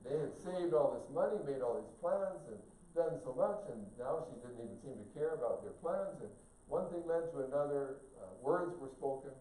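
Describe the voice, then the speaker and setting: An older man preaching a sermon as a guest speaker, telling stories with humor and shifting into a higher voice when he quotes people. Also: expressive, moderate pace, hardly any pauses, mellow. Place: church sanctuary. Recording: echoey sanctuary from a distance.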